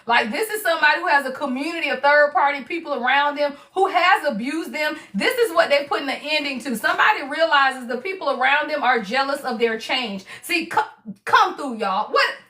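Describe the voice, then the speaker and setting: A woman's voice: high voice, expressive, brisk, pushed and bright, reverberant, distant mic. A woman doing a casual live-streamed tarot reading, slangy and laughing often as she talks to her viewers. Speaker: tarot reader.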